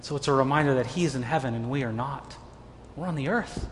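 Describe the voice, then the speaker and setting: A man's voice: medium pitch, fast talker, in a large hall, a little hiss or hum. A man preaching a sermon as a pastor, earnest and stumbling into repeated words as he presses his points.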